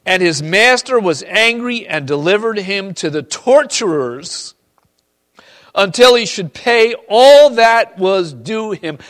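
A male pastor with a high, expressive voice preaches slowly to a congregation. He reads scripture and moves back and forth between booming emphasis and hushed, personal asides.

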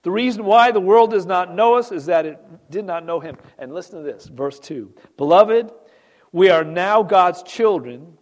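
A man preaching a sermon, reading scripture aloud and asking the congregation questions, swinging from loud readings to quiet asides. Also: moderate pace. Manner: animated preaching, rising loud on scripture and dropping low for asides. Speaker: pastor.

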